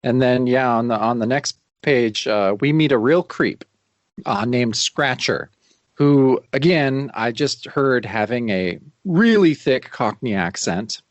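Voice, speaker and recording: A man co-hosts a casual podcast and recaps story scenes in a relaxed, agreeable way. His pitch sits in a middle range. The recording is dry and close. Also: takes it slowly, dry recording. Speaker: podcast co-host. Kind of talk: casual chat.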